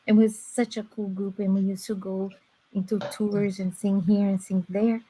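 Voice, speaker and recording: A woman's voice: medium pitch, normal speed, a little hiss or hum, rough recording. Nasal woman. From Brazil. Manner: chatty, storytelling, animated asides. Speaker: guest on a live stream. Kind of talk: casual chat.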